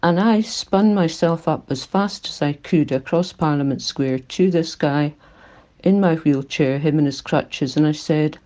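An older woman with a Glaswegian accent speaks in a recorded interview. Her voice is mellow and dark, and she talks earnestly, with feeling that makes it shake now and then. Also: deep voice, a little slow. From Scotland. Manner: earnest, emotional, voice shaking at times. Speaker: climate activist.

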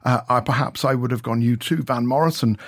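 A man's voice: medium pitch, fairly quick. A man chatting on a radio panel, joking and rattling off long lists. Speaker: radio reporter. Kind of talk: casual chat on a radio panel.

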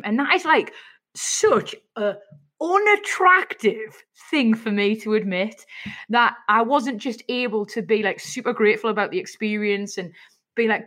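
A woman with a Geordie accent telling stories as a podcast guest, frank and animated, saying "like" a lot. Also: medium pitch, a little slow. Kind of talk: casual storytelling chat.

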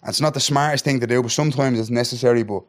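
A man talks quickly as a guest, telling stories in an animated, casual way. He swears freely and keeps asking "do you know what I mean" as the words tumble out. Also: mid-range voice. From Ireland. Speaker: guest, MMA fighter. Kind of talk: casual storytelling.

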